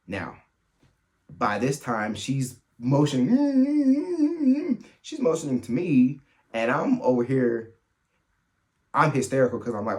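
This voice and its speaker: A man hosting a solo podcast, telling funny family stories in a casual, animated way and laughing as he goes. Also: mid-range voice. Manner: animated, laughs through his stories, quick asides. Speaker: podcast host. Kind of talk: solo storytelling chat.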